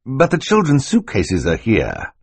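A man's voice: lowish voice, huge pitch swings, unhurried, gravelly, husky, dry recording, voice pushed up, exaggerated voice. A man reading an audiobook voices a fussy, well-meaning middle-aged banker who talks in a polite, flustered way.

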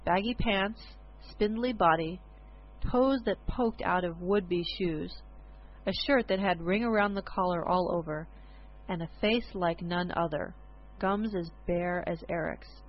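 A woman reading a first-person story aloud in a measured, expressive way. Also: lowish voice, lo-fi sound.

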